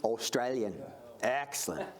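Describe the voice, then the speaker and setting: A man's voice: medium pitch, expressive, unhurried, crowd noise. A man hosting a live improv comedy show on stage, upbeat and chatty as he takes suggestions from the audience.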